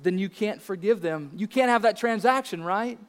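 A man's voice: sits high, moderate pace, clear, resonant tone, in a large hall. A man in his thirties preaching a sermon as pastor, earnest and emphatic, asking rhetorical questions.

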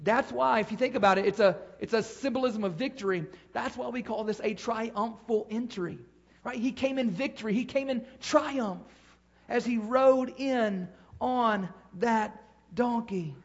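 High-voiced man preaching emphatically. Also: measured pace, dull audio. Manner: emphatic, rising and falling preaching cadence with repeated phrases. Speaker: pastor. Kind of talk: sermon.

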